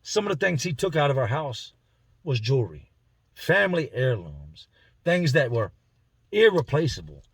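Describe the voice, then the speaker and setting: A vlogger recounts a prison story from inside a car, his medium-pitched voice sing-song and slightly breathy at normal speed, with no room sound. He speaks in slangy, conversational style and acts out the voices of the people in the story.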